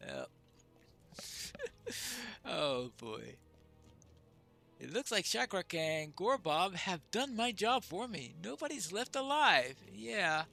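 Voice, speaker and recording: A man's voice: high-pitched, sing-song, slow pace, vocal fry, pauses often, pushed and bright, soft background music. A man giving casual let's-play commentary, chatting wryly to himself as he plays. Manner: chatty, wry asides to himself. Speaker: gamer.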